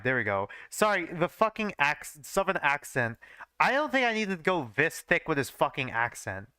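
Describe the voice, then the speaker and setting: A man's voice: fairly high pitch, big pitch swings, moderate pace, sharp tone, clear, resonant tone, no room sound, studio quality. Young man laughing at his own fanfiction. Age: young adult. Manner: swears casually and laughs at his own writing. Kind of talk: live reading with joking asides.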